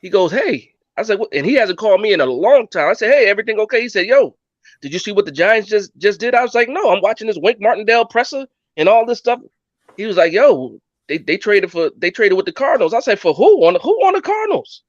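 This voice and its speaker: Male co-host, animated storyteller, muffled dry mic. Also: high-pitched, fast talker, no room sound. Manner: animated storyteller, acts out dialogue. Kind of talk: casual sports chat.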